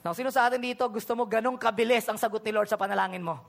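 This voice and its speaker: Animated Filipino-accented preacher. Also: medium pitch, racing, vocal fry. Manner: animated, acts out conversations and Bible speeches in voices. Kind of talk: sermon mixing Tagalog and English.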